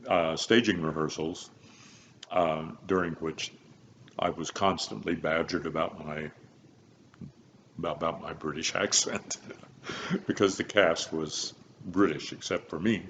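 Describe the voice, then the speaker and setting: A man's voice: sits low, steady tone, unhurried, long pauses, a bit bright. An older man from Kansas, telling stories from his career in an interview, rambling with many fillers and restarts and frequent chuckles. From Kansas, USA. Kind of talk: relaxed interview storytelling. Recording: slightly dull, faint background hiss.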